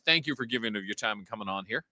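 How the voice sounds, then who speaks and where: A man's voice: lowish voice, racing, dry recording. A man hosting a podcast from a studio, chatting casually and telling stories with laughter. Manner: lively, laughing storyteller. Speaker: podcast host. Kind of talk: casual interview chat.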